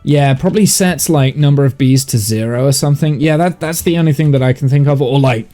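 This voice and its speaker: Mellow-voiced Englishman with soft RP accent. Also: mid-range voice, fairly quick, soft background music. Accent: English, received pronunciation mixed with Midlands/northern. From Midlands of England. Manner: rambling and thinking aloud, many fillers and restarts. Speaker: live streamer reading chat. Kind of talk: casual chat while gaming.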